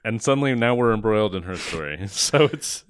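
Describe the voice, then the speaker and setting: Animated sarcastic man recapping a movie. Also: on the low side, a little fast, clean tone, no echo, studio quality. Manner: animated, sarcastic, swears, acts out quotes. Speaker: podcast co-host. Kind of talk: casual movie recap chat.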